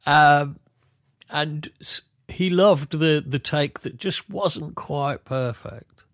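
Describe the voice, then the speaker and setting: A middle-aged man with a Yorkshire accent, co-hosting a podcast and reminiscing casually, rambling and explaining things gently. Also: fairly high pitch, takes it slowly, dry recording, studio quality. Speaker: podcast co-host, musician.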